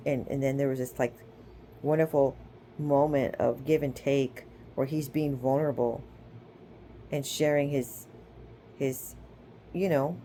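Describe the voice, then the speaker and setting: A woman's voice: very deep voice, fairly even intonation, measured pace, pauses often, warm tone, slight background noise. A woman giving a casual spiritual teaching, chatty and informal, who retells scripture stories with acted-out quotes and keeps checking in with her listeners. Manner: chatty, checks in with "okay?" and "right?".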